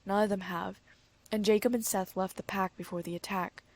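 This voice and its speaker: A woman voicing a sorrowful young woman who speaks quietly and apologetically. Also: medium pitch, steady tone, brisk, natural voice. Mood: somber. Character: sorrowful young woman breaking bad news.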